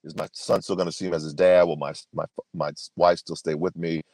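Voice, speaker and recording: A man's voice: deep voice, level tone, brisk, a little mellow, no echo. A man in his fifties, a podcast guest, telling a personal story in an earnest, emphatic way, often restarting his sentences. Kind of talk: storytelling interview answer.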